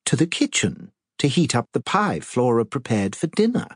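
A man voicing a young vicar's wife who talks in a brisk, teasing, quick-witted way. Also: medium pitch, very animated, husky, no echo, clean studio sound.

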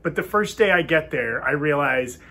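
A man in his thirties co-hosting a casual chat, chatty and quick to laugh while telling stories. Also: fairly high pitch, expressive, bright, forceful tone. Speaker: co-host.

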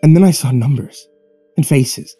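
A man hosting his channel, narrating a first-person horror story with dramatic, tense pauses. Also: mid-range voice, mellow, slightly rough, faint music behind.

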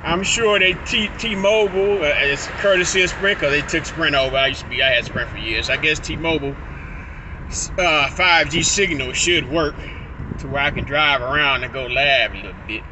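Driving along, a man from Illinois records a casual vlog, talking to his phone camera and rambling with false starts and chuckled side comments. His voice is fairly high and his pace moderate, with a noisy background behind him.

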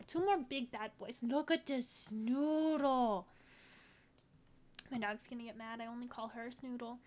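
A gaming YouTuber chats casually over her gameplay, bubbly and talkative, talking both to the game and to her dogs. Her voice is a little high and a bit bright.

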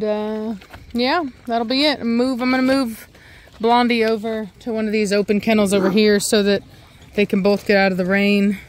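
A woman dog breeder chatting casually in a vlog, rambling with many ums and restarts and snapping out sharp commands to her dogs. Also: fairly high pitch, a little hiss or hum. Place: kennel area with several dogs. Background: dogs barking and moving.

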